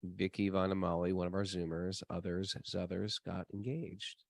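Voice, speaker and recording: A male podcast co-host chatting in a joking, emphatic way. His voice sits low and is recorded dry and close to the mic. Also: fairly even intonation, moderate pace, gravelly, no echo. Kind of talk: casual chat.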